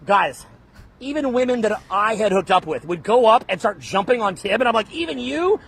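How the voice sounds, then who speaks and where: A man's voice: high voice, expressive, brisk, a bit bright, slightly rough. A man from Canada giving dating advice in a brash, blunt lecture style, calling his listeners bro. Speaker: dating coach.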